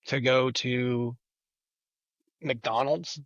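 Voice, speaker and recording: A man's voice: medium pitch, steady tone, drawn-out words, a bit bright, no echo, dull audio. A man chatting as a podcast guest, rambling and leaning on repeated filler phrases. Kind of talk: casual chat.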